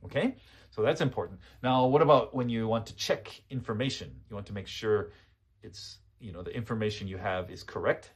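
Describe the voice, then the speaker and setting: A man's voice: fairly low pitch, brisk, husky. A man teaching English phrases in a casual spoken lesson, explaining patiently, repeating each phrase and checking in with "okay?".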